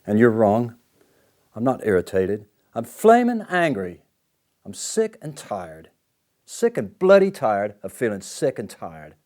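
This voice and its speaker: Late-forties man, playing a deep-voiced, raspy, volatile addict in counselling; swings from outbursts to shame. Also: moderate pace, pauses often, darkish tone, full character voice. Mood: angry, bitter. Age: late 40s. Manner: swings between outbursts and low, muttered apology. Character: angry recovering male addict near fifty, volatile and ashamed. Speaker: counselling client in a training role-play.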